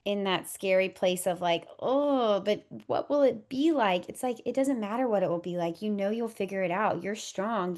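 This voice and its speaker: A woman in her thirties, a doula and podcast guest expecting her first baby, speaking in an earnest, heartfelt, reflective way. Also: mid-range voice. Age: 30s. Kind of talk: podcast interview conversation.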